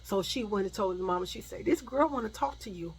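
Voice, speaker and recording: A woman's voice: mid-range voice, fast talker, gravelly, slightly rough, rough recording. A woman telling a story about her own past in a casual storytime vlog, swearing freely and acting out the other voices. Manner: animated, swears freely, acts out voices, drops to a hush for scary parts.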